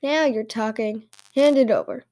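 A raspy goblin man from the mountains, pushy and coaxing, his voice sitting high rather than gruff, as a woman puts him on for a storybook reading. He wheedles and insists without letting up. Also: normal speed, dark tone, close to an everyday voice. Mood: insistent.

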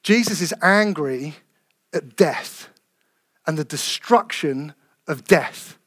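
A man preaching a sermon, earnest and emphatic, slowing down to stress key phrases. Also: a little high, animated, fairly bright tone.

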